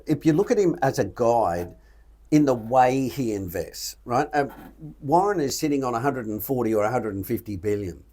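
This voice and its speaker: A man's voice: medium pitch, moderate pace. Blunt australian man talking money. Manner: blunt, animated, swears casually. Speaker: podcast host. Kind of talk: casual podcast chat.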